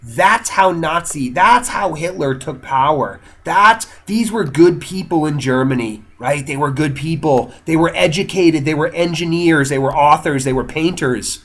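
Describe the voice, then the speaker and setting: Man, political chat co-host, fairly high voice, animated, keeps saying "right?". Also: measured pace, few pauses. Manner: animated, tags statements with "right?"; swings between loud excitement and quiet musing.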